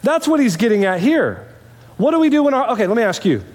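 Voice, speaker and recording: High-voiced preacher in a reverberant church. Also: male voice, very animated, quick pace. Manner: conversational preaching with rhetorical questions. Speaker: pastor. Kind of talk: sermon. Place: church sanctuary.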